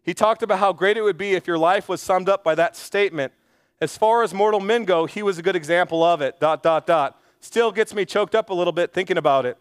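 Male pastor, sermon delivery, earnest and chatty, high clear voice. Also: dry recording, clean studio sound. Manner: earnest, conversational preaching with quick asides and repeated phrases. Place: church stage.

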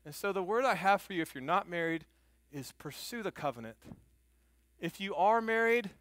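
Middle-aged male pastor, slightly high and bright, animated sermon storytelling, soft in prayer. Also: normal speed, dry recording. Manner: animated storytelling, rising loud on emphasis; soft and hushed when praying.

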